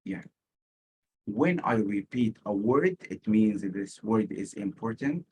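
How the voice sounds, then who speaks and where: A male SAT teacher with an Arabic accent giving a recorded lesson, explaining slowly and repeating key words for emphasis. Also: on the low side, lively intonation, warm tone, a little hiss or hum, poor audio. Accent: Arabic-speaking. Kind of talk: recorded lecture.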